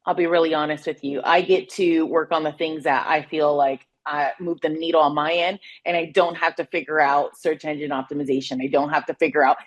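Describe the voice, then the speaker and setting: A woman guest on a business podcast who talks candidly and in a measured way about running her company. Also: low voice, steady tone. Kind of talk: podcast interview.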